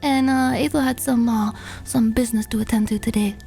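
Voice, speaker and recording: A woman's voice: fairly high pitch, steady tone, brisk, vocal fry, dark tone, faint music behind. A woman streamer in casual chat, rambling and laughing, with lots of "like" fillers. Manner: rambling and laughing, heavy use of "like".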